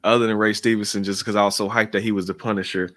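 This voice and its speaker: Fast-talking man, excitable and profane. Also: fairly low pitch, no echo, clean studio sound. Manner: excitable, profane, laughs often. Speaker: podcast guest. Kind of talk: casual podcast chat.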